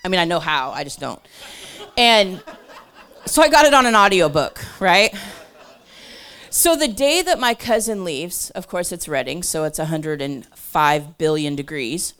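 Animated woman sharing a church testimony. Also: fairly low pitch, a little slow, clean tone. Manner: animated, swings from loud bursts to whispers; chatty, lots of "like" and asides. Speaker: church speaker. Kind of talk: storytelling testimony to a crowd.

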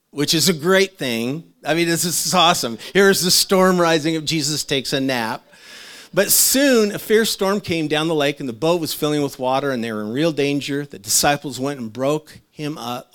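A middle-aged man, a pastor, gives a conversational sermon in a heartfelt, animated way, laughing often and dropping soft and low when he speaks of loss.

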